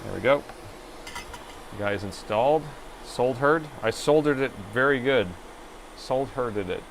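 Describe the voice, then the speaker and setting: A middle-aged man talks through a laptop board repair on a live stream, easygoing and joking with his viewers. His voice sits at an ordinary middle pitch, with a faint hiss behind it. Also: a little slow. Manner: joking with chat, narrating his repair steps. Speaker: laptop repair livestream host. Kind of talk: casual live-stream chat while working.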